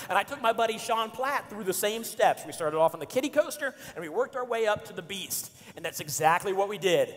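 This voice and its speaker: A man's voice: high-pitched, fairly quick. A man in his forties giving a playful storytelling sermon as a pastor, acting out his friends' lines. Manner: animated, playful, acts out friends' lines with shouts and laughs. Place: church auditorium. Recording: church hall reverb.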